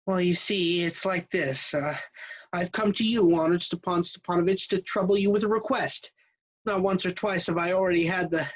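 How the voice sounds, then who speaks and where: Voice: medium pitch, natural voice, rough recording. A performer playing a flustered, hypochondriac male suitor in his thirties, stammering and hesitant. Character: nervous, hypochondriac 35-year-old male suitor. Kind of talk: stage acting.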